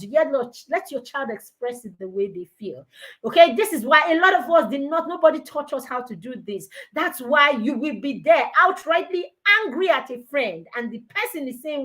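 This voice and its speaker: A woman giving a lively parenting talk, acting out parent and child dialogues as she goes. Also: high voice, normal speed. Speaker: parenting mentor. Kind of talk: live online parenting talk.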